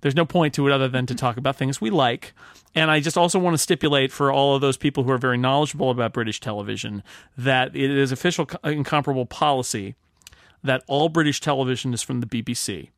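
A man's voice: mid-range voice, quick pace, no room sound, studio quality. Joking American podcast host man. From United States. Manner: jokey, mock-pompous rants with laughs. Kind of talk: casual panel chat.

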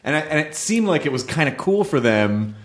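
A man hosting a casual interview, speaking loosely with relaxed swearing and halting restarts. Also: fairly high pitch.

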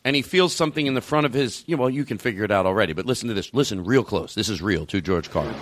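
A man's voice: lowish voice, rapid-fire, background noise. A middle-aged man hosting a comedy podcast, chatting loosely and rambling, often stopping himself mid-thought. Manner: rambling, excitable, stops to comment. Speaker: podcast host. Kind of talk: casual comedy chat.

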